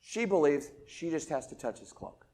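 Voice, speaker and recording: A man preaching a sermon in a casual, conversational way, asking rhetorical questions and swinging between loud emphatic lines and quiet ones. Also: a little high, expressive, moderate pace. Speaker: pastor.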